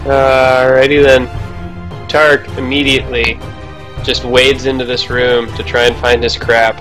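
A man's voice: mid-range voice, little pitch movement, unhurried, a bit bright, faint music behind, poor audio. A man playing a tabletop game, narrating his character's actions with jokes. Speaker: player.

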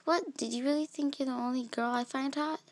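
A woman's voice: high voice, steady tone, brisk, no echo. A woman voicing a careless, blunt husband in a game story, with a dismissive manner.

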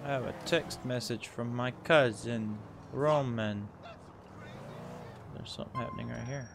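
A man's voice: medium pitch, unhurried, gravelly, noisy background. A young man casually commenting to himself as he plays a game on a live stream, laid-back and swearing now and then. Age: young adult. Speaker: streamer playing a video game.

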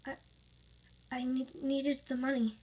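A woman's voice: high-pitched, little pitch movement, unhurried, breathy edge, lo-fi sound, voice pushed up. A woman reading a scared young heroine. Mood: frightened. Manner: pleading, shaky questions. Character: frightened young woman, stubborn and loyal.

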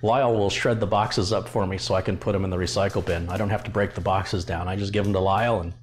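A man's voice: low voice, fairly even intonation, fast. A middle-aged man on a casual home live stream, chatting and talking playfully to his dogs. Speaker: tech channel host. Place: home room.

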